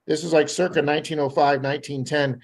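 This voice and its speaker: Rambling, animated storyteller man. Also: on the high side, quick pace, creaky. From Florida. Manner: rambling, animated anecdotes with acted-out quotes. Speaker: guest metal detectorist. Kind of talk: casual storytelling on a live podcast.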